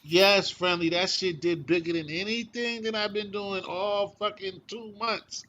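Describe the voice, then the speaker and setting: A man's voice: high-pitched, fairly even intonation, a little slow, pushed and bright, dull audio, a little hiss or hum. A man co-hosting a casual podcast, teasing his friends and telling stories with animation. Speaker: podcast co-host. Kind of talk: casual chat.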